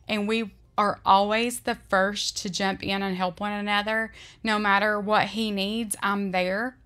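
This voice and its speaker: A woman's voice: medium pitch, fairly bright tone. Earnest woman vlogger, heartfelt. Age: adult. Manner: earnest, emotional, often slow and deliberate. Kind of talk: heartfelt faith-based vlog talk.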